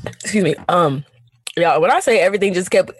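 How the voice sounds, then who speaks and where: Woman talking real fast on a podcast, dry close sound. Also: lowish voice, no echo. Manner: candid, animated storytelling with slang. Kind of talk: casual chat.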